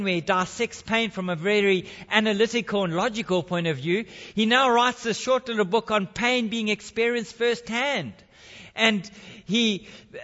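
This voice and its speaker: A man's voice: sits high, fairly bright tone, long reverb tail, highs cut off. A man preaching a sermon and leading prayer, earnest and reflective, with frequent restarts.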